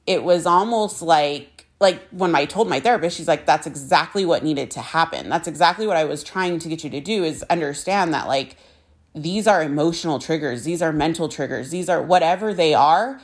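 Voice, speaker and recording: Frank, low-voiced middle-aged woman. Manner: frank and casual, swears freely, many fillers. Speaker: vlogger sharing a personal story. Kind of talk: candid confessional monologue.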